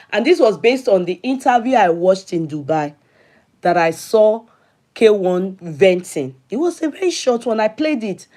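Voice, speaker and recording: Chatting casually with her livestream audience, this middle-aged woman speaks with a Nigerian accent in a mid-range, darkish voice. She greets people by name and mixes in bits of Yoruba.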